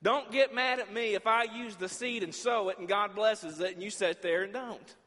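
Pastor, high-pitched man, preaching with shifting volume and acted-out dialogue, reverberant church. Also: normal speed, sharp tone. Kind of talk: sermon. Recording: long reverb in a large hall.

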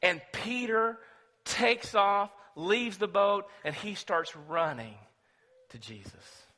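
A man preaching a sermon, telling the story dramatically and swinging between loud and hushed. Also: high-pitched, lively intonation, slow. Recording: long reverb of a large hall.

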